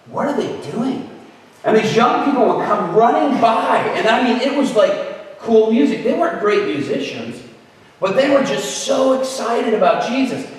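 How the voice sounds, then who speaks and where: A man preaching in a church, telling a humorous personal story in an animated way and shouting re-enacted lines. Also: high-pitched. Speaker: guest preacher. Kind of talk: sermon storytelling. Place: church sanctuary. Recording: echoey church hall, distant mic.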